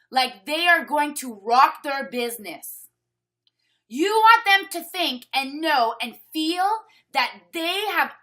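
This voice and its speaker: A woman's voice: high-pitched, sharp tone. A Canadian woman hosting a casual online sales training over webcam, chatty and upbeat, reading names from the chat as she talks.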